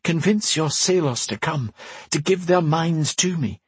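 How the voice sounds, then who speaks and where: A man voicing a mystic woman who speaks into another's mind, pleading and hurried. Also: a little high, expressive, husky, no echo, voice pushed up, heavily acted.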